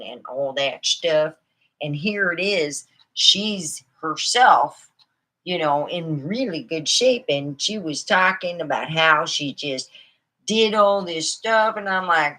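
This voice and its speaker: A woman's voice: on the low side, animated, unhurried, bright, forceful tone. A middle-aged woman telling rambling comic stories in a chatty, meandering way. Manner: chatty, meandering, many fillers. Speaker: comedian. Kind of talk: rambling stand-up storytelling.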